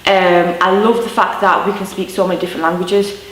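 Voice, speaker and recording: A woman's voice: fairly low pitch, little pitch movement, a little fast. A woman in her twenties with a Yorkshire accent, chatting candidly about growing up, with lots of "you know" and "um". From Yorkshire, England. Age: 20s. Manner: chatty, warm storytelling with many fillers. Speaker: interviewee. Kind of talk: candid personal recollection. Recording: roomy sound from a mic at a distance.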